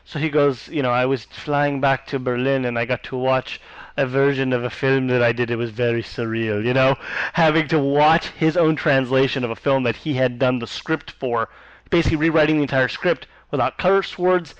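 A man co-hosting a podcast, chatting casually with quick joking asides. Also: medium pitch, fairly even intonation, smooth, no room sound. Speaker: podcast co-host. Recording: dull lo-fi podcast audio.

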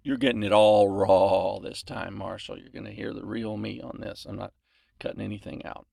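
A man's voice: lowish voice, steady tone, moderate pace, vocal fry, a little mellow, no echo. A man recording voice lines in a home closet, out of breath and rambling in self-mocking asides between takes. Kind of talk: casual outtakes chatter.

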